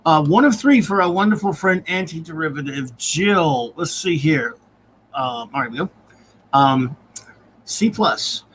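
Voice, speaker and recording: A man's voice: on the high side, lively intonation, measured pace, fairly bright tone, slight background noise. A man hosting a casual live-stream review, reading out viewer comments and grades and chuckling often. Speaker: podcast host.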